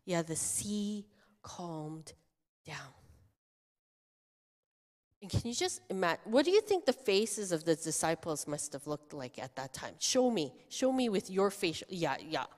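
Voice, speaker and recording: A woman pastor giving a children's sermon, telling a story in an animated way and asking the children questions. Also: on the low side, measured pace. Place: church sanctuary. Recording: long church reverb.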